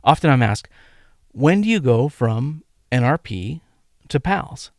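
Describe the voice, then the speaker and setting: A man hosting a medical teaching podcast, delivering a scripted lecture in a measured, emphatic way and counting out rhythms aloud. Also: mid-range voice, sing-song, dry recording, studio quality. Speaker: podcast host and medical educator.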